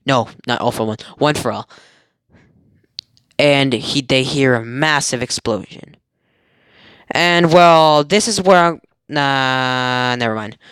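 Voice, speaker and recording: A young man recaps an anime storyline in a loose, excitable ramble, stopping often to correct himself. His voice is mid-pitched and recorded close and dry at home. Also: slow pace, long pauses, clean tone, no echo. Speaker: fan storyteller. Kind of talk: casual retelling of an anime.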